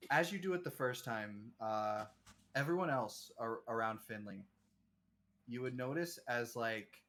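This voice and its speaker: Man, game master, measured narration with "uh" pauses, faint hiss behind. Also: medium pitch, a bit bright. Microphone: online voice call.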